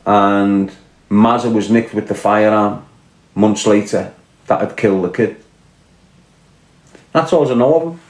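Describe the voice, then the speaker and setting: In an echoey room, a Scouse man from Liverpool, England, speaks in a lowish voice, unhurried and pausing often. It's a casual livestream rant: he's blunt, combative and sweary as he reads and answers the chat.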